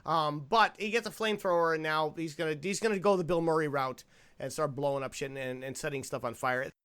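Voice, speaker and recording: A young man hosting a podcast, chatting casually about a movie in an animated, rambling way and laughing easily. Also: fairly high pitch, brisk, smooth. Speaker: podcast host.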